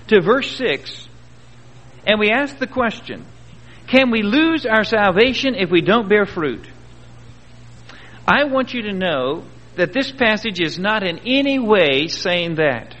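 A man's voice: high-pitched, a bit bright. A man preaching a sermon in a folksy, earnest way, with rhetorical questions and homespun stories. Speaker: pastor. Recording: dull old recording in a reverberant hall.

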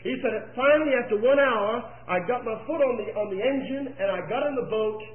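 Fired-up preacher guy, high voice, tinny phone-like sound. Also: brisk. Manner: impassioned storytelling, rising to near-shouts. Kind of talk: sermon. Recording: echoey, tinny phone-like old tape.

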